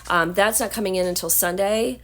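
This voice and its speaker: A woman with a Southern American accent and a hoarse, scratchy voice, chatting casually and rambling to her camera at home. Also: mid-range voice, brisk. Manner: chatty, rambling with many fillers. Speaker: vlogger. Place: home, indoors.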